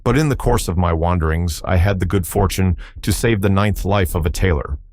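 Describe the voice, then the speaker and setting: A man's voice: low voice, fairly quick, darkish tone. A man voicing a pompous, learned male insect who talks in long, formal, self-admiring sentences.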